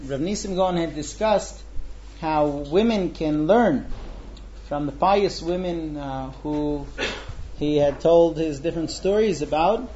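A man teaching a lesson by retelling a story, animated and acting out dramatic quotes. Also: a little high, slow pace, lo-fi sound, a little hiss or hum. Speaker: religious teacher.

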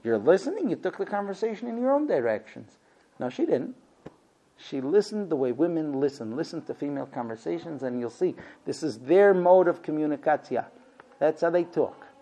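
Animated man teaching a marriage class. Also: fairly high pitch, moderate pace. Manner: animated, acts out both sides of conversations. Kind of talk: lecture on marriage.

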